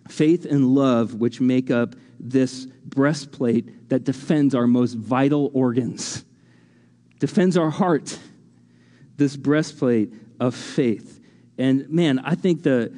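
A man's voice: dark tone, big-room sound. A man pastor teaching a sermon in a loose, conversational way, full of fillers and restarts, lifting his voice when he acts out imagined speakers. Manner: rises in pitch acting out imagined voices.

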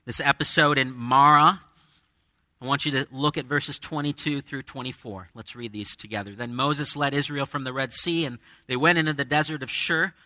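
A male pastor preaches to his congregation in a conversational way, acting out quoted voices as he teaches. His tone is very bright and ringing. The sound is dry and close. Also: a little high, no echo. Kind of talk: sermon. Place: church with a congregation.

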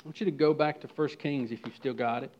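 A man preaching a sermon as pastor, swinging from loud emphatic lines to hushed, quiet ones. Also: mid-range voice, steady tone, fast talker, highs cut off.

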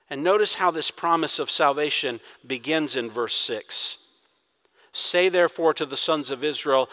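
A man delivers a sermon with a bright, ringing tone. His preaching is emphatic, rising in force and then dropping to hushed intensity. The sound carries a long reverb from a large hall. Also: fairly high pitch, animated, moderate pace. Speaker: pastor.

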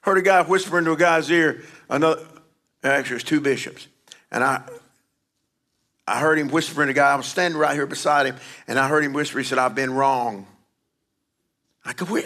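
A man preaching a sermon, rising to emphatic calls and dropping low to tell stories. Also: steady tone, brisk, pauses often, bright, forceful tone. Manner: emphatic preaching with sudden drops to a low confiding voice. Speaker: pastor.

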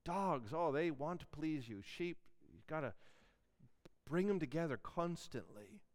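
A man preaching a sermon in an animated way, acting out questions and objections. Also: a little high, a little slow.

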